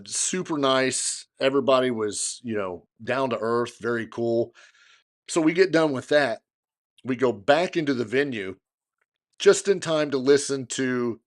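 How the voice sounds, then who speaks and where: A middle-aged man co-hosting a podcast, retelling a story in a casual, animated way and acting out what others said. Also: mid-range voice. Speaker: podcast co-host.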